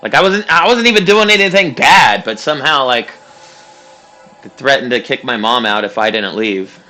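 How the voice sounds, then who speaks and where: Over soft background music, a young man chats while gaming, spinning a long, rambling tale full of swearing, filler words and laughs. He speaks at normal speed in a medium-pitched, animated voice with a bright, forceful edge.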